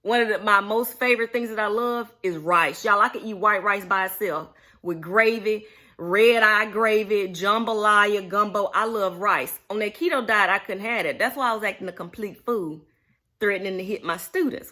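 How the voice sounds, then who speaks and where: A woman's voice: medium pitch, moderate pace, bright, forceful tone. A woman from Mississippi with a Southern accent, chatting casually to her viewers in a folksy way, calling them y'all. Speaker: vlogger. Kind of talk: unscripted casual chat to viewers.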